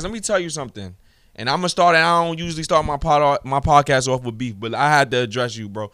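A man's voice: medium pitch, fast talker, fairly bright tone, clear, resonant tone, no echo, studio quality. A young man hosting his own podcast alone, ranting in a profane, heated, swaggering way. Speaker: podcast host. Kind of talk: solo podcast rant.

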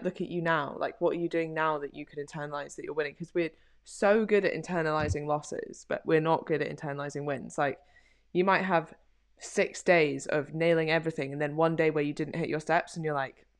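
A woman co-hosting a podcast, giving casual motivational talk, chatty with lots of fillers and acted-out inner thoughts. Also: low voice. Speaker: podcast co-host and coach.

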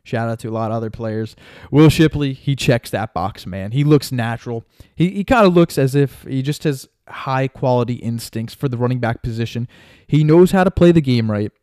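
A young man hosting a solo sports podcast, talking casually and excitedly, full of fillers and asides like "right?" and "man". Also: medium pitch, moderate pace, no echo, clean studio sound. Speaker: podcast host.

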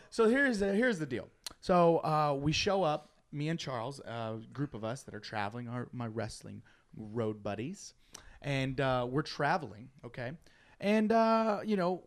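A man telling a long story in casual chat, animated, laughing often and acting out his friends' lines. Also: medium pitch, unhurried.

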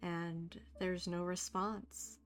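A woman narrating as game master, chatty and relaxed. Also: lowish voice, very slow. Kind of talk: narrating a tabletop game on stream.

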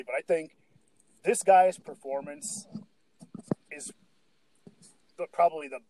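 A man's voice: mid-range voice, a little mellow, slight background noise, poor audio. Opinionated man in a movie chat. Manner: opinionated, emphatic. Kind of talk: casual movie discussion.

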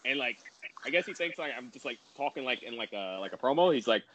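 The man's mid-range voice is animated and a bit bright, but the audio is dull. As a wrestler on a podcast, he rambles quickly through a story, filling gaps with many "like"s.

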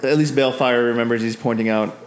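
A man's voice: mid-range voice, steady tone, quick pace. A man narrating as game master of a tabletop game, rambling with frequent fillers.

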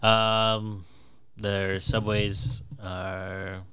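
Man, 30s, low smooth voice, casual profane storyteller. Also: little pitch movement, very slow, sharp tone. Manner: laid-back, profane, trails off with fillers. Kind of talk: casual chat.

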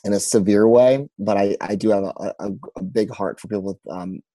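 Earnest pastor, dry close sound. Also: male voice, lowish voice, warm tone, no echo, rough recording. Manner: earnest, halting, many restarts. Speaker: pastor, guest. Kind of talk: personal storytelling in a podcast interview.

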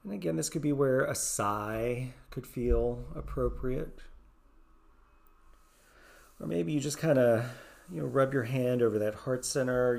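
Gravelly, mellow man guiding a slow meditation. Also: medium pitch. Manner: soft-spoken, slow and gentle with long pauses. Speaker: yoga and meditation teacher, podcast host. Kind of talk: guided meditation.

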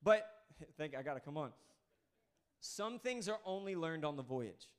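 High-voiced pastor in his thirties preaching. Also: a little slow. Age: 30s. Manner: energetic, conversational preaching with asides to the congregation. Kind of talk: sermon.

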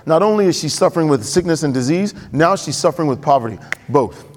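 High-voiced man preaching in a reverberant hall. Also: a little hiss or hum. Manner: conversational, quick and animated, asks the congregation questions. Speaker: pastor. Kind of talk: sermon. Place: church sanctuary. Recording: long reverb of a church hall.

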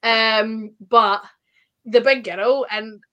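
A woman with a Scottish accent, a wrestler telling stories in a casual interview, chatty and full of quick asides. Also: a little high, fairly even intonation, a bit bright. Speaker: wrestler guest.

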